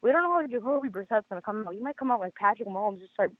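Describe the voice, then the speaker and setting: A hoarse man with a high voice calls in over a tinny phone line. He talks fast and rambles, tripping over himself with stammered restarts. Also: expressive, no echo. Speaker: caller. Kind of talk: casual sports call-in chat.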